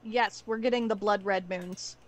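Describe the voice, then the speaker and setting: A woman's voice: medium pitch, steady tone, normal speed, a little hiss or hum. A woman in a casual group chat, talking in an easygoing, matter-of-fact way.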